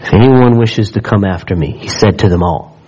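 Husky-voiced man preaching a sermon. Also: lowish voice, fairly quick, dark tone, low-quality recording. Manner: preaching with rising fervor, reading scripture aloud. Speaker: pastor. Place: church.

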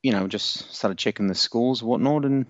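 A man's voice: medium pitch, moderate pace, no echo, muffled recording. A man co-hosting a casual sports podcast, rambling through a story and swearing a lot. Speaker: podcast co-host.

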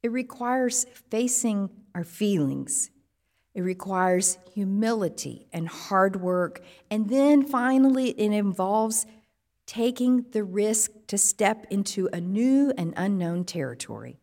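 A woman pastor giving a sermon, measured and reflective, posing strings of rhetorical questions. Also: medium pitch, lively intonation, a little mellow, big-room sound.

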